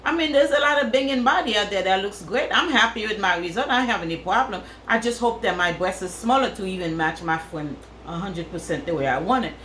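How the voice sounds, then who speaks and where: Animated, crude-talking woman. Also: medium pitch, fairly quick, hardly any pauses, roomy sound, a little hiss or hum, low-quality recording. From Africa. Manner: animated, crude, repeats phrases for effect. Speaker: vlogger. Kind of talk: casual storytelling vlog.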